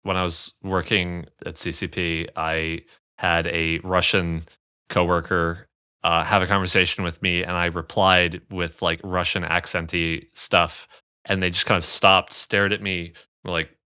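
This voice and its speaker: A man who is the storyteller of a tabletop game podcast, reading the outro and chatting in a relaxed, self-deprecating way. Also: low voice, a little slow, smooth, no room sound, clean studio sound. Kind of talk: podcast outro and casual chat.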